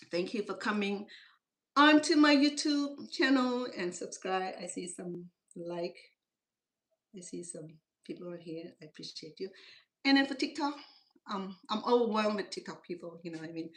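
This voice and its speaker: A woman's voice: medium pitch, fairly bright tone. A middle-aged woman with a Cambodian accent, a native Khmer speaker, hosting a home cooking channel and rambling through stories in broken English from her kitchen. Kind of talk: casual chatty cooking talk.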